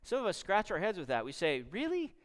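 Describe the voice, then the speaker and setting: A man preaching a sermon in a conversational, animated way, checking in with the congregation and swinging from loud emphasis to soft, low points. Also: fast. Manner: rises loud and high when emphatic, drops low and soft on key points. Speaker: pastor.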